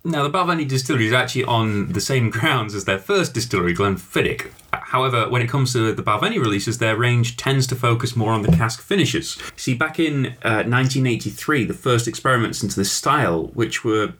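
A man presents researched facts in a relaxed podcast chat, his voice in an average register. He keeps an informative thread going and cuts in with dry, teasing remarks. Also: medium pitch, fairly quick, hardly any pauses. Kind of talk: casual chat.

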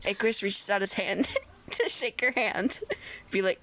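A woman playing a tabletop game, chatting in a quick, joking way and swearing freely. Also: medium pitch, a bit bright. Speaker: player. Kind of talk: casual tabletop chat.

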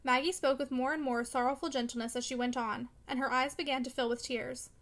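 A woman narrating a classic novel in a measured, steady reading. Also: high voice. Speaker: audiobook narrator.

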